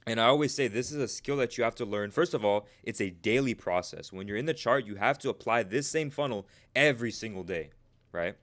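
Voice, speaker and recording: A man's voice: medium pitch, expressive, a little fast, fairly bright tone. Casual man coaching viewers, asking "right?" constantly. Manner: casual, repeats "right?" after nearly every point; talks straight to viewers and chat by name. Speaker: trading coach and streamer. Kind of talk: live stream coaching talk.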